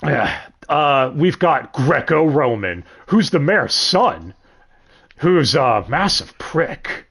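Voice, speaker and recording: A young man hosting a casual livestream, his pitch bouncing up and down as he talks. He rambles, trips over his words, swears freely and corrects himself mid-sentence. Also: big pitch swings, takes it slowly, gravelly, a bit bright, husky. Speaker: stream host.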